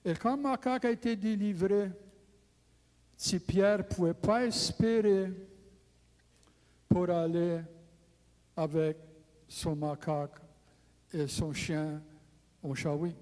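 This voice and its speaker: Unhurried Cajun storyteller, man. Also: high-pitched, fairly even intonation, a little mellow, big-room sound. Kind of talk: folk tale telling.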